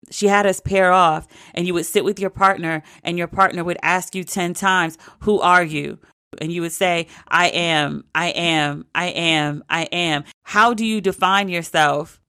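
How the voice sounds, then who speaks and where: A woman in her forties hosting her podcast alone, telling stories in an animated, emphatic way with lots of repetition. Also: on the low side, no room sound, clean studio sound. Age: 40s. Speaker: podcast host. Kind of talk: casual solo podcast talk.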